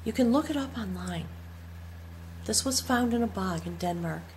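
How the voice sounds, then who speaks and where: A woman reads tarot cards aloud with hushed reverence, her voice sometimes sinking to a whisper. Her pitch sits in the middle of the usual range. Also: animated, normal speed, slight background noise. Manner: awed and reverent, dropping to soft whispers. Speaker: tarot reader. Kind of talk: spoken tarot reading.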